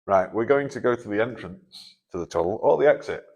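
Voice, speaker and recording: Hosting a paranormal investigation at night in a canal tunnel, this man chats casually, cracking jokes, cursing freely and calling to a spirit. His voice is on the low side, expressive and fairly quick, a little mellow and slightly rough, with no echo.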